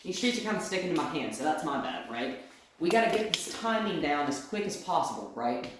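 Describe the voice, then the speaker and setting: A woman's voice: deep voice, very animated, brisk. Lady dog trainer talking through a lesson, checks in with "right?" a lot, big echoey room, bit of faint hiss. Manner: explains each step aloud, often tags lines with "right?".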